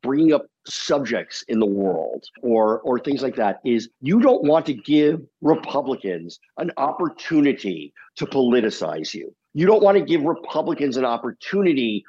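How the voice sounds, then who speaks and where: A man, a TV comedy producer, talking as a guest in a casual interview, telling lively stories, laughing often and swearing casually. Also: mid-range voice, normal speed, few pauses, husky, muffled recording.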